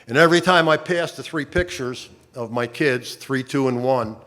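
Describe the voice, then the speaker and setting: An older man speaking into a stage mic at a conference, telling his own story. His voice sits at a middling pitch, and his delivery is conversational, with wry asides and frequent halting restarts. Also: fairly bright tone. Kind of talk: personal testimony talk.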